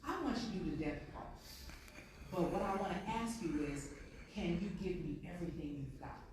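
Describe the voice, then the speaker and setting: A woman's voice: fairly low pitch, lively intonation, moderate pace, distant mic, background noise, lightly acted. A woman voicing a tough male football coach who talks in a commanding, pushing way, as part of a speech in an echoey hall. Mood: firm.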